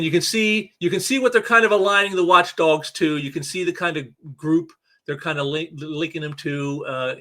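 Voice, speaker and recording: Male host, casual comic reviewer, bright slightly high voice, rambling delivery with repeated words. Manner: reads comic dialogue aloud in a lightly acted voice. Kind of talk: casual commentary reading comic panels.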